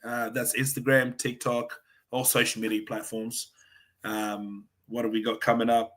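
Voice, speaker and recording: Aussie guy on a podcast, bright punchy voice, friendly, keeps agreeing. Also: mid-range voice, flat delivery. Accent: Australian. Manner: friendly, quick to affirm. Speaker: podcast guest. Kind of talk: casual interview chat.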